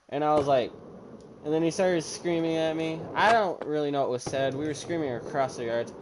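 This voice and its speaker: A young man casually telling a story, animated and profane, acting out the lines of the people in it. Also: mid-range voice, moderate pace, background noise. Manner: casual, profane, animated retelling with quoted dialogue.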